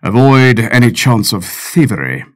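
A man's voice: mid-range voice, sing-song, a little slow. A man voicing a weary, dry navy captain in an audiobook, exasperated and lecturing. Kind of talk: audiobook character voice.

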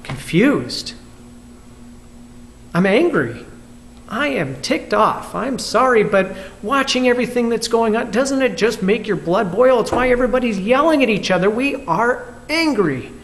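A man's voice: very high-pitched, animated, measured pace. A pastor from the United States giving a candid, reflective video sermon and asking his listeners questions. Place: church.

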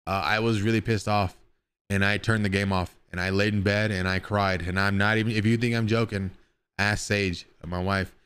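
A man's voice: fairly low pitch, steady tone, normal speed, a bit bright, clear, resonant tone. A man streaming live, chatting casually with his viewers in a rambling way and swearing now and then.

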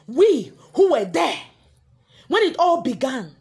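A woman's voice: high voice, big pitch swings, takes it slowly, darkish tone. A Nigerian-accented woman speaking in a defiant, emphatic vlog monologue.

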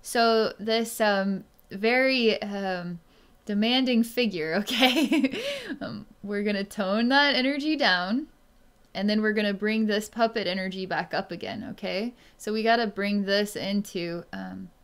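A woman psychic speaks slowly and hesitantly, pausing often as she tunes in. Her voice is smooth and clear, and it stays soft and quiet as she works through the reading. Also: mid-range voice. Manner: slow, hesitant speech with many pauses and fillers; soft and quiet when tuned in. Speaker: psychic energy healer. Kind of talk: solo reading monologue to camera.

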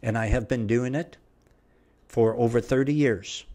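A man's voice: medium pitch, unhurried, dark tone. Middle-aged male preacher, mid-range voice, emphatic and repetitive sermon delivery. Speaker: preacher and Bible teacher. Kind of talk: verse-by-verse sermon.

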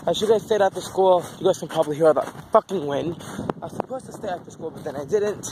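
A man's voice: on the high side, quick pace. A man vlogging casually, rambling and frustrated and swearing constantly, filmed on a handheld phone. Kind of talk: casual vlog chat. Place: outdoors in the wind, then at home. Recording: wind noise outdoors.

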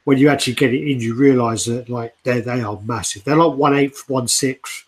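A man co-hosting a casual chat about collectible statues, relaxed, laughing and swearing easily. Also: medium pitch, fairly quick.

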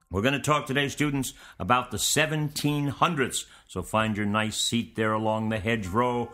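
A man with a fairly low voice hosts a show and teaches history in an easygoing, conversational way. His lecture wanders from point to point as he addresses his students directly. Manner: relaxed, meandering, conversational delivery.

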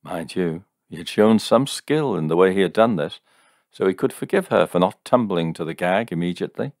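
Deep gravelly storyteller. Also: male voice, lively intonation, a little fast, darkish tone, no room sound, studio quality. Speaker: narrator. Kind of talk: audiobook narration of a short story.

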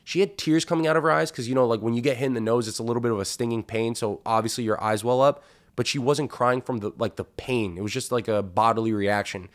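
Profane, animated male podcast storyteller. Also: medium pitch, fast talker. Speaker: podcast host. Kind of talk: casual storytelling.

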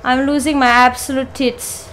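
A woman gamer playing a horror game, panicky and swearing, pleading out loud with the monster chasing her. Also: sits high, level tone, normal speed, poor audio. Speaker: let's play gamer.

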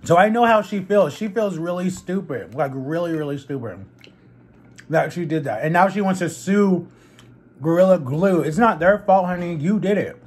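A young man telling a personal story casually to camera while eating, animated and chatty. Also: high voice, normal speed, slightly rough. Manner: chatty, animated retelling with quoted voices. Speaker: vlogger.

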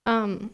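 A woman's voice: a little high, a little mellow. A young woman giving a maid of honor toast at a wedding reception, chatty and emotional, laughing often between fillers.

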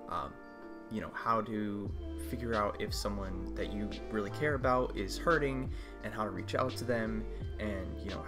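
A man who is a channel host speaks to his viewers in a casual, heartfelt way, hesitant and full of fillers and restarts. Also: on the low side. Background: guitar music.

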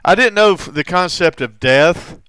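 A man in recovery telling a personal story in a halting way, with frequent restarts and heavy swearing. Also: high voice, animated, a bit bright, clear, resonant tone, dry recording. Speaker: recovering alcoholic sharing his story.

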